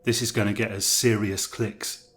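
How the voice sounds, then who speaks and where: A man's voice: fairly low pitch, little pitch movement, normal speed, a bit bright, lightly acted. A man voicing an easygoing, cheerful male blogger sidekick. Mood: upbeat. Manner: cheerful, reassuring.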